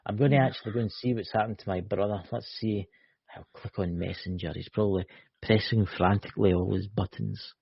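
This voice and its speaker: Gravelly Scottish man joking around. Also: lowish voice, fairly even intonation, fairly quick, dry recording. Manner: joking, teasing, lots of "you know". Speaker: co-host. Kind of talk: casual live-stream chat. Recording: dull lo-fi call audio.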